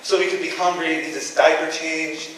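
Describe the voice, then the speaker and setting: A teenage boy performing stand-up comedy on a school stage, casual and deadpan with sudden shouted bits, recorded from far off in an echoey hall. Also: on the high side, a little fast, slight background noise. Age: teens. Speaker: student comedian.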